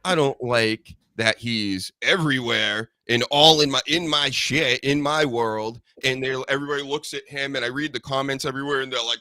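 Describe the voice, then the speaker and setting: Profane ranting man, bright voice. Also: medium pitch, moderate pace, hardly any pauses, no room sound, clean studio sound. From United States. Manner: animated, profane, sarcastic ranting. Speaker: podcast host. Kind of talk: casual ranting chat.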